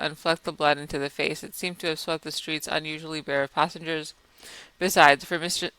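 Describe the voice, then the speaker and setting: Bright-voiced man narrating a classic novel. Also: on the high side, smooth, dry recording, low-quality recording. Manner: measured, dramatic classic-novel reading. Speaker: audiobook reader. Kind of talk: scripted narration.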